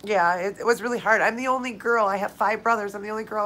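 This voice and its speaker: On a casual live stream, a crying woman hosts a viewer Q&A, speaking to viewers by name with emotional, heartfelt warmth. Her mid-range voice is quick and fairly bright with fairly even intonation, and the poor audio has slight background noise.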